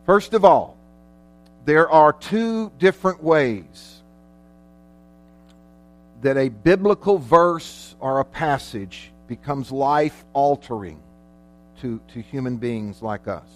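A man preaching a sermon as pastor, emphatic, slowing down and swelling in volume on key words. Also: medium pitch, expressive. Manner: emphatic preaching with dramatic slowdowns and loud peaks.

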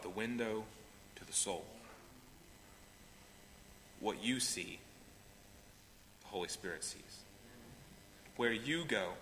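A man preaching a sermon as pastor, swinging between loud pleading and hushed, quiet lines. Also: on the low side. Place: church sanctuary. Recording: reverberant hall with faint noise.

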